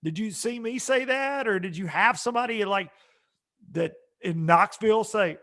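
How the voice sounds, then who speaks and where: A man co-hosting a casual podcast, joking around and telling drawn-out stories. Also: sits high, pushed and bright. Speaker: podcast co-host.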